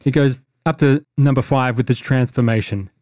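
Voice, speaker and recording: A man hosting a tabletop role-playing podcast, talking through the session in a loose, rambling way with plenty of teasing. His voice is warm and dark. It sounds close and dry, with no room at all. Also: medium pitch, moderate pace, dry recording. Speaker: game master. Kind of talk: casual podcast recap chat.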